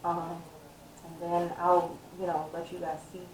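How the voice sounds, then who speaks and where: A woman's voice: on the low side, monotone, measured pace, a little hiss or hum. A woman chatting casually to viewers while cooking in her home kitchen, calling them y'all. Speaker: cooking vlogger.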